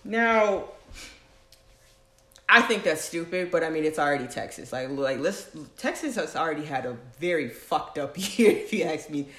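A mid-pitched podcast co-host vents in casual chat, exasperated and swearing often. The voice sounds roomy and echoey, recorded in a home apartment. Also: lively intonation, normal speed, pushed and bright. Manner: profane, exasperated, laughs between points. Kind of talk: casual chat, ranting commentary. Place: own apartment. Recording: roomy echo.

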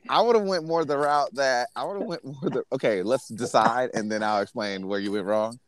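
A man's voice: mid-range voice, moderate pace, slight background noise. A man co-hosting a podcast in casual chat, earnest and rambling with frequent restarts. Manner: earnest, rambling, self-correcting. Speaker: podcast co-host.

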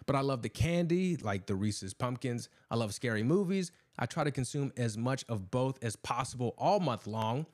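A man hosting a sports podcast, chatting casually and then narrating a spooky story. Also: mid-range voice. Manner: upbeat and chatty. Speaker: host.

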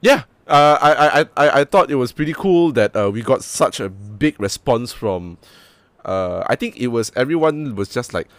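A young man with a Malaysian English accent, hosting a casual podcast chat, blunt and animated, swearing freely. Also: medium pitch, normal speed, no echo. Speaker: podcast host.

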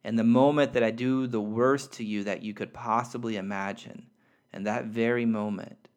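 A man's voice: medium pitch, fairly even intonation, normal speed, natural voice. A man reading the part of a loving, playful soul spirit who speaks tenderly and reassuringly.

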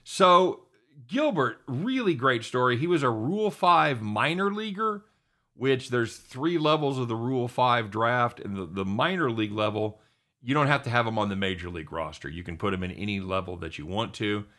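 A middle-aged man hosting a sports talk show, excitable and chatty, often calling his co-host by name. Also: medium pitch, normal speed.

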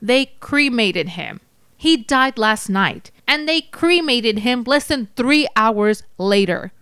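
Woman playing a cold, grieving widow, slow and cutting, higher voice. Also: expressive, a bit bright, clean tone, dry recording, clean studio sound, exaggerated voice. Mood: bitter.

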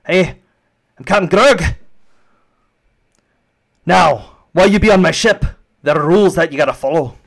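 A man's voice: on the high side, moderate pace, gravelly, long pauses, pitched above the performer's own voice. A man voicing a grumpy old dwarf ship captain who barks rules in a pirate-like way. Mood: gruff warning. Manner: barking orders, pirate-like speech.

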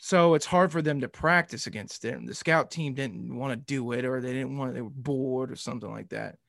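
A man's voice: medium pitch, fairly quick, gravelly, no room sound, studio quality. A man co-hosting a sports podcast, talking in a loose, fired-up rant that keeps building. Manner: excitable, ranting, laughs easily. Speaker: podcast co-host. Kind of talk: casual sports podcast chat.

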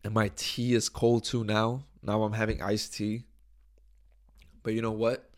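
A young man hosting his podcast alone, hoarse from a cold, joking crudely and rambling in casual chat into a close microphone. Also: lowish voice, little pitch movement, measured pace. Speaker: podcast host. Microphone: studio microphone, close.

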